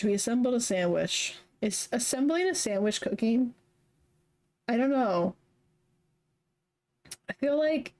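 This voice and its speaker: A young woman streamer reading a story game aloud, chatty and quick to laugh between lines. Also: a little high, darkish tone. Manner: chatty, laughs often, reads narration then comments. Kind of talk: reading a visual novel aloud with commentary.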